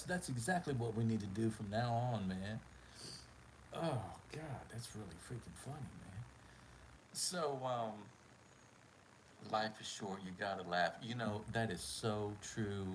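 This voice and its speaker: A man's voice: on the low side, slight background noise, poor audio. A man hosting a casual livestream chat from home, laughing often and ending phrases with "man.". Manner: laughs often, drawls "man" at line ends. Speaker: livestream host.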